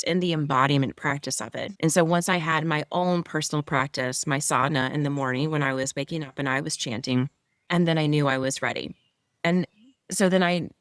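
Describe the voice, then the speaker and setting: A woman with a mid-low, even voice talks as a guest yoga mentor, her explanations flowing and eager. The sound is dry and close, with no room around it. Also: clear, resonant tone, no echo. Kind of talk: interview conversation.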